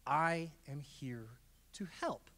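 A man giving a fast-paced, emphatic presentation talk with jokes at a community event. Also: a little high, gravelly. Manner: energetic, emphatic, joking. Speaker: guest speaker. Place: college event hall.

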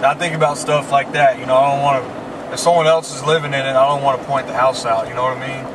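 A man's voice: mid-range voice, steady tone, fast talker. A man with a Southern accent from Mississippi, hosting a casual, joking chat while driving around town. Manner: chatty, joking, folksy. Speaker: vlog host. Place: inside a car driving through town. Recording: road noise from a moving car.

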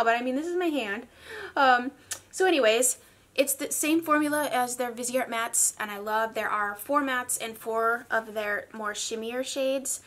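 Bright-voiced chatty woman beauty vlogger. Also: on the high side, normal speed. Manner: chatty and gushing, with animated asides. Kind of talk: casual makeup review vlog.

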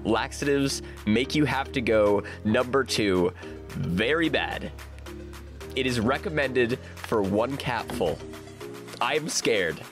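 A young man giving casual commentary on his own gameplay, excitable and rambling, often bursting into panicked shouts. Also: medium pitch, takes it slowly. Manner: excitable, yells "no" in bursts, filler-heavy rambling. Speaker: gaming YouTuber. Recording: music playing behind the voice.

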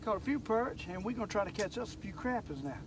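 Older man, fishing vlog host; folksy, excitable, high-pitched, recorded on a lake with boat noise, mic at a distance. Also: quick pace. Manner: folksy, excitable, talks straight to viewers. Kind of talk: casual fishing vlog narration.

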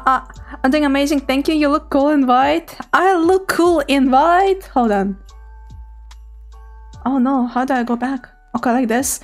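A young woman streamer chatting casually with her live chat, giggling often, her throat a little hoarse. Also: high voice. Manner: giggly, laughs often, playful.

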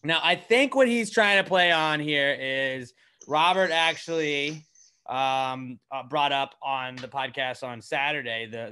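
A man's voice: medium pitch, sharp tone, clean tone. A man co-hosting a podcast, reading listener questions and chatting casually. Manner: laid-back, reads listener questions aloud. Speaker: podcast co-host.

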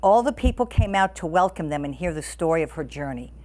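A woman reading a storybook aloud to listeners as the storyteller, expressive and animated. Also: low-pitched, fairly quick.

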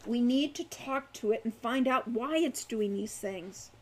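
A woman's voice: on the high side, measured pace, darkish tone. Woman reader as a sincere young shield-bearer, plain and earnest, storybook companion. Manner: sincere, urging.

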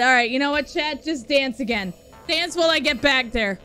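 A woman streaming a video game live, chatting with viewers, swearing and yelling at enemies. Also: high voice, brisk. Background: game music.

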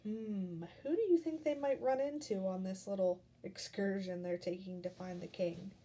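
A woman teacher reading a picture book aloud to children, explaining gently as she goes. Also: medium pitch, moderate pace, distant mic.

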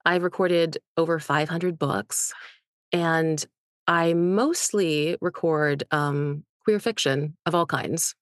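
A woman who is an audiobook narrator and author, reading a first-person novel softly and talking about her work. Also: low voice, slow, dry recording, studio quality. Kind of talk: audiobook reading and interview chat.

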